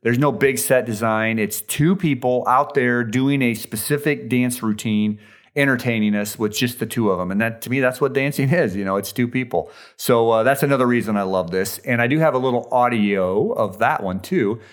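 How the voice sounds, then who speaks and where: A man's voice: medium pitch, normal speed. A man hosting a podcast, giving a casual, enthusiastic fan recap with chatty fillers. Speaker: podcast host recapping a dance show.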